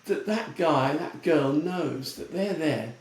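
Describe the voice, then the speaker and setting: A man from the United Kingdom, a retail futurist, talking in a casual podcast conversation, animated and breaking into quick impressions of other people. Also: a little high, echoey room. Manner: animated, mimics voices in quick asides.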